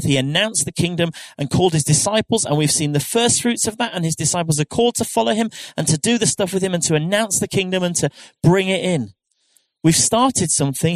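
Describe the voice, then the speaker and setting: A man's voice: high voice, no room sound. A middle-aged man preaching a sermon in an earnest, conversational way, often restarting sentences and asking rhetorical questions. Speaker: pastor.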